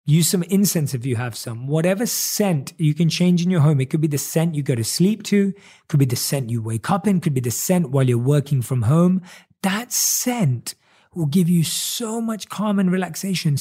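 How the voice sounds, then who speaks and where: A man with a slightly higher, mellow voice delivers an earnest motivational talk. He piles up rhetorical questions and stretches out the words he wants to land. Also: breathy edge. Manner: earnest, repetitive rhetorical questions, speeds up and slows for emphasis. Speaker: motivational speaker.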